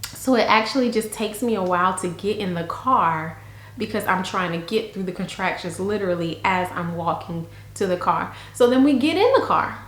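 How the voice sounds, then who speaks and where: A young woman telling a story to camera in a chatty, frank, animated way. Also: medium pitch, moderate pace, roomy sound. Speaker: vlogger.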